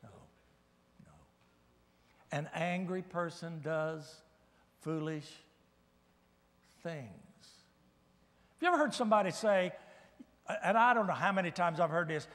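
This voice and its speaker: A man preaching a guest sermon in a church, animated and swinging from loud bursts to hushed asides. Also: high-pitched, normal speed, long pauses. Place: church sanctuary. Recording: reverberant church hall.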